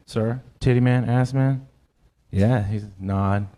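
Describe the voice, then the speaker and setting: A man's voice: mid-range voice, expressive, measured pace, darkish tone. A man performing a stand-up comedy set on a club stage, telling crude, self-deprecating confessional jokes and questioning the crowd directly. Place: comedy club stage before a laughing audience.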